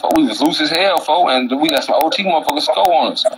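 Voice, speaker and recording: A young man tells a rambling, slang-heavy story, tripping over restarts as he goes. His voice sits a bit high for a man. A steady hiss of noise runs under the recording. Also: fast. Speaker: rapper guest. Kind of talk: casual storytelling chat. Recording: noisy background hiss.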